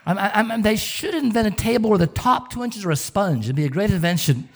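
Animated stammering male preacher. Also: high-pitched, a little fast. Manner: animated, stammering repetitions, rhetorical questions. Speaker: pastor. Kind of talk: sermon.

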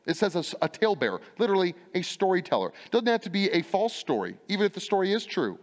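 Male pastor preaching hard, pitch jumping all over, long echo of a church hall. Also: very animated, brisk. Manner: emphatic, rhetorical questions, repeats refrains. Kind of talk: sermon. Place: church sanctuary.

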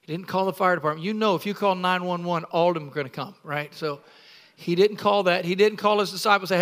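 A man's voice: high voice, fast talker, fairly bright tone. A middle-aged male pastor preaching a sermon in a church, exuberant and playful, calling on the congregation to respond.

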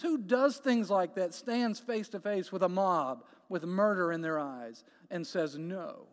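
Preacher, male, high-pitched, emphatic and repetitive, long hall reverb. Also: measured pace, hardly any pauses. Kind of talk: sermon.

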